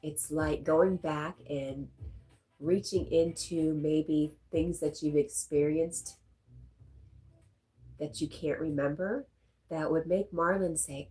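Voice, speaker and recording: A middle-aged woman with a low, stuffy-nosed voice hosts a relaxed live stream. She reads viewer comments aloud and answers them in an easy, chatty way. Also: slow pace. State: stuffy nose. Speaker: live stream host reading chat. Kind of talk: casual live stream chat.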